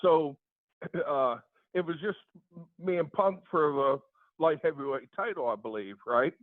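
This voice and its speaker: A man's voice: a little high, measured pace, no room sound. Male guest, casual storyteller, laid-back and profane, dry phone-quality sound. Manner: laid-back, swears freely, asks listener for confirmation. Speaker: podcast guest. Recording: tinny phone-like line.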